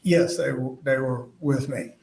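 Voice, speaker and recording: A man's voice: mid-range voice, fairly even intonation, darkish tone. Man testifying from far in an echoey courtroom. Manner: halting, retells conversations in quoted dialogue. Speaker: witness testifying at trial. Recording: echoey room, voice far from the mic.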